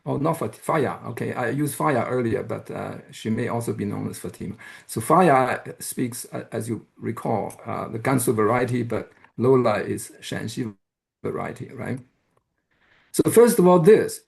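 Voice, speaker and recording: Man lecturing, creaky gravelly voice, mid pitch, hesitant, keeps asking "right?". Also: expressive, moderate pace. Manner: explanatory, often checks with "right?"; hesitant, with frequent "uh" and restarts. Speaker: university lecturer. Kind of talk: academic lecture.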